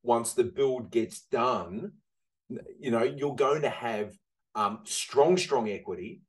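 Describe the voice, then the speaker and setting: A man's voice: medium pitch, slow pace, low-quality recording. A man hosting a casual interview, rambling along with plenty of fillers. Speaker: host, property investment advisor.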